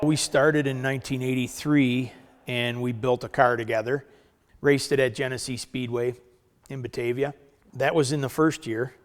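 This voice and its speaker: Mid-pitched man, matter-of-fact interviewee. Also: fairly even intonation, moderate pace, slight background noise. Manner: plain, matter-of-fact recollection. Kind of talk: documentary interview.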